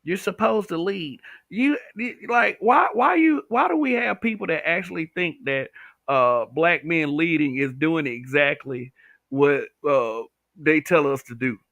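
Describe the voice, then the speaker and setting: A man's voice: fairly high pitch, expressive, a little slow, creaky, fairly bright tone, no room sound. A man hosting a livestream, talking bluntly with profanity and reading viewer comments. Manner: blunt, profane, talks back to chat.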